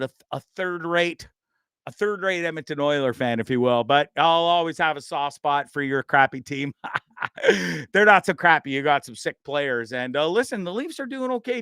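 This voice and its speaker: Canadian guy in his 50s rambling on his livestream show, smooth clear voice, kinda high. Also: dry recording. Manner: rambling, jokey, lots of shout-outs and fillers. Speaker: host. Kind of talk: live-streamed talk show.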